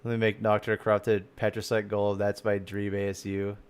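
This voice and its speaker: A man streaming live and reacting to game content in casual chat, excitable and swearing freely, often trailing off and restarting. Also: on the low side, a little fast, clean tone.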